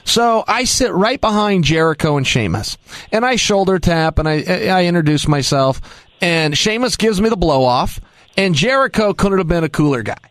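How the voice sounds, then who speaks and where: A man guesting on a radio show tells his story with animated, emphatic energy and a touch of self-mockery. His voice sits high and swoops widely in pitch. The sound is close and dry, with no room around it. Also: normal speed, no room sound. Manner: excitable, emphatic, self-mocking.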